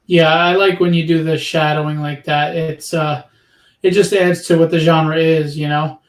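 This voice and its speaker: A man hosting a casual livestream interview, chatty and promotional as he asks questions and pitches the campaign. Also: flat delivery, moderate pace, reverberant. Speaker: livestream host.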